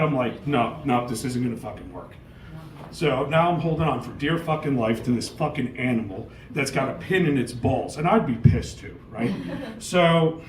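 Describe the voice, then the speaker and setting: Middle-aged male stand-up, crude and rambling, average pitch, live echoey room. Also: slight background noise. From New York. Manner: crude, rambling storytelling full of swearing. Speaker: stand-up comic. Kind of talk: stand-up comedy set.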